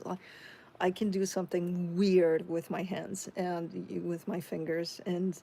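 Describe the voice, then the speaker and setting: Chatty low-voiced woman with gravelly fry. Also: steady tone, normal speed, mellow. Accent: Chicago. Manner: chatty, reads viewer comments aloud and answers them. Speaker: tarot reader hosting a live stream. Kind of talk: casual live-stream chat reading comments.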